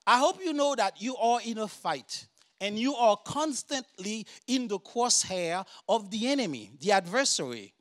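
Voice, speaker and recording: A man with a Haitian accent, a native French speaker, preaching an earnest sermon that builds to loud, emphatic declarations. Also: high voice, sing-song, moderate pace. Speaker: guest preacher and doctor.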